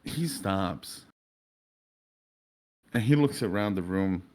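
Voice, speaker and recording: A man's voice: sits low, lively intonation, slow, darkish tone. A man narrating as game master in a tabletop game, casual and descriptive.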